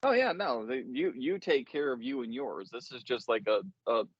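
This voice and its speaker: A man in his thirties hosting a casual chat on a video call, relaxed and agreeable, swearing casually. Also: mid-range voice, moderate pace, husky, dry recording. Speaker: podcast host. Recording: dull dry video call audio.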